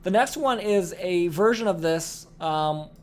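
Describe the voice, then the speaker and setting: A man's voice: high-pitched, animated, measured pace. A young man giving a casual sales training talk, rambling with lots of fillers and frequent "okay?" check-ins. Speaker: course instructor.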